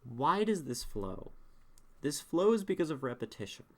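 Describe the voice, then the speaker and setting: A young man on a live stream who reads poems aloud and critiques them, talking in a relaxed way and thinking aloud. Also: on the high side, measured pace.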